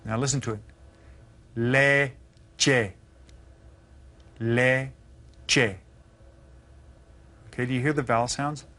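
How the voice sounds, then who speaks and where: A Spanish teacher gives a recorded lesson in an even, mid-pitched voice. He patiently and slowly enunciates words syllable by syllable, and keeps encouraging students with questions.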